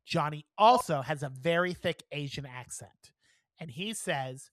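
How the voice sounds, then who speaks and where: A woman co-hosting a podcast, telling a story in a casual, animated way, swearing freely and acting out the people she quotes. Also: fairly low pitch, moderate pace, no room sound. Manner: animated, profane, acts out quoted dialogue. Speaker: podcast co-host.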